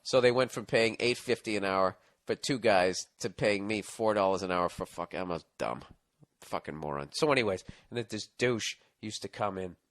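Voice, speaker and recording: Speaking at normal speed in a lowish voice, this comedy podcast host reads a listener's letter aloud, then launches into animated, profane, ranting stories.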